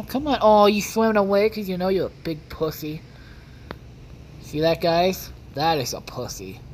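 A woman's voice: sits low, slight background noise. A woman casually commenting on her own gameplay for viewers, rambling and swearing often. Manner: foul-mouthed, rambling, talks to viewers. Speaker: gaming video host. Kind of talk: casual let's-play commentary.

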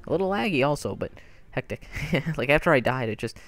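A man's voice: medium pitch, animated, brisk, fairly bright tone, no echo. A young man giving let's play commentary on a story game, reacting frantically to the action. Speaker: gamer playing through a story game. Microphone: desk microphone. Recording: game music playing under the voice.

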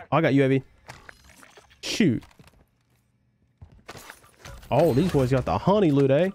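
A young man with a Southern country twang streams a game live, reading viewer comments aloud and answering them in a loose, slangy way. His voice sits a bit high, and his pitch swings widely as he talks. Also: lively intonation, moderate pace, long pauses, a little mellow, slight background noise. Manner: laid-back, slangy, reads chat aloud and answers.

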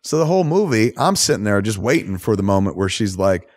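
Man, podcast host, casual movie recap, profane, animated storyteller, lowish voice. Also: fast.

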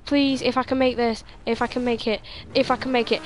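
A woman's voice: on the high side, little pitch movement, brisk, few pauses, a little hiss or hum. Frustrated young woman gaming over a headset. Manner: easily frustrated, exclaims and repeats words under pressure. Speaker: gamer playing online races. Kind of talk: live gameplay commentary with voice chat.

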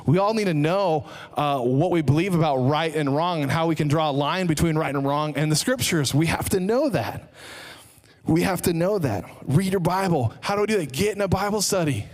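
A male pastor preaching a sermon in a church service, energetic, repeating key phrases for emphasis and tossing joking asides to the congregation. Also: on the high side. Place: church sanctuary, live service.

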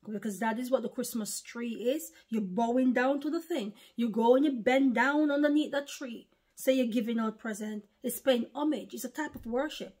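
A woman's voice: a little high, darkish tone. A woman, preaching an informal online sermon in an impassioned, repetitive, emphatic way. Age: 40s.

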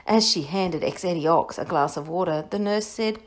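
A woman reading a children's story aloud for a reading lesson, clear and expressive, sounding words out carefully. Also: lowish voice, moderate pace, few pauses. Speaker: reading teacher.

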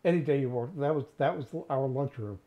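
A man's voice: mid-range voice, fairly quick. An older man co-hosting a casual chat, playful and jokey. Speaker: co-host. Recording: dull lo-fi sound.

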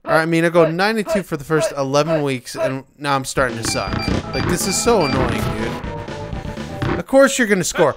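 Brief: young male let's-player, lively up-and-down delivery, slightly high voice, video game music behind. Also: normal speed. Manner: excitable, grows frustrated and shouts at the game. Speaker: let's play gamer. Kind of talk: casual gameplay commentary.

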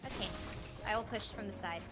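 A woman's voice: mid-range voice, brisk. A young woman playing a team shooter with friends, chatty and busy reporting enemy positions and distances. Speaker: gaming teammate. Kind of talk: casual gameplay chat. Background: loud game music and gunfire.

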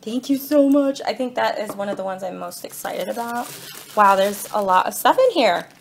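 A young woman with a mid-pitched voice gushes over each gift she unboxes, full of excited thank-yous and quick apologies to her viewers. She is filming herself on a phone held in one hand in her kitchen, and a faint hiss of room noise sits under her voice. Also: vocal fry. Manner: gushing, excited, apologetic asides. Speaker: vlogger. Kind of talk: casual unboxing vlog. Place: home kitchen.

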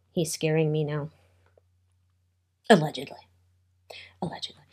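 A woman's voice: low-pitched, warm tone, breathy edge. A woman giving a casual tarot reading, chatty, with wry asides and thoughts that trail off. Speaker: tarot reader.

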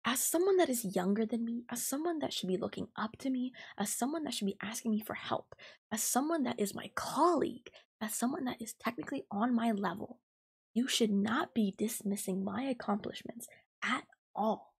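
A woman in her twenties hosting a podcast, venting heatedly and profanely about a coworker, talking fast with lots of fillers. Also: on the high side, expressive, creaky, breathy edge. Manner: fast and emphatic. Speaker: podcast host. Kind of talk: ranting storytime podcast.

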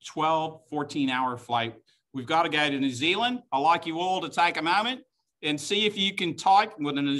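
Bright-voiced chatty wine tasting host. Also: male voice, fairly high pitch. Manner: chatty, joking, enthusiastic. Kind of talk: live-streamed wine tasting class.

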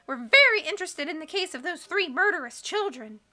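Woman reading as an earnest young boy in a storybook, quick and eager, bright voice. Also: very high voice, animated, pitched above the performer's own voice, heavily acted.

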